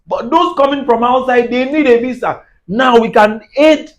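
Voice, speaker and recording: Nigerian male comedian, very high voice, heated preachy rant with self-amused laughs. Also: normal speed, poor audio. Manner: heated, preachy, laughing at his own jabs.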